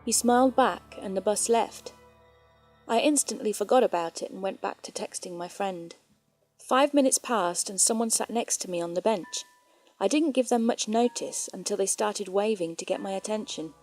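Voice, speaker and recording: A woman reads true horror stories aloud in a calm, measured way. Her tone is mellow and warm at a middle pitch, with faint music playing softly underneath. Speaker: horror story narrator. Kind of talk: reading scary stories aloud. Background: faint background music.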